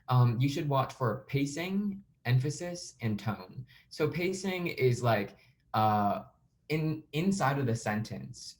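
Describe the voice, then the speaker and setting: A man coaching students through a sample speech, explaining things in a relaxed, conversational way with frequent filler words. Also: mid-range voice. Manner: relaxed, conversational, uses "like" and "um" often. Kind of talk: instructional walkthrough of a sample speech.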